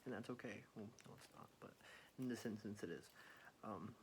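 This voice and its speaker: A man hosting a soft-spoken ASMR video, rambling and correcting himself as he talks. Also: fairly low pitch, a little fast, slight background noise. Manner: rambling, self-correcting, chatty. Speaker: ASMR channel host.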